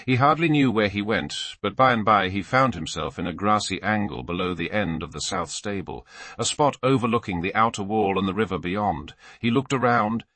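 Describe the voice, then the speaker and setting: A male audiobook narrator telling a classic tale in a steady reading voice. His pitch sits low, his tone is bright and forward, and the recording is close and dry. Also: normal speed, no room sound. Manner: steady storytelling read with voiced characters.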